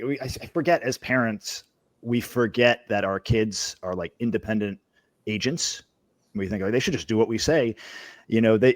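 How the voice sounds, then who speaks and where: A man hosting a podcast, talking in a halting way and repeating words as he finds his thoughts. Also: lowish voice, dry recording. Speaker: podcast host. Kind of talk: podcast interview.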